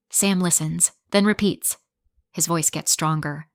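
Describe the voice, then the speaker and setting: Female narrator for a learner story: clear, deliberate, very slow, dry. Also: deep voice, fairly even intonation, dry recording. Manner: simple short sentences, clear and deliberate.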